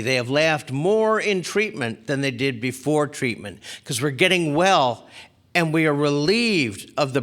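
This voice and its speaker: A middle-aged man giving a spiritual talk at a recovery convention, telling a story and acting out the people in it. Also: on the high side. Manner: animated storyteller acting out quoted characters. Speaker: spiritual speaker. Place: large convention hall.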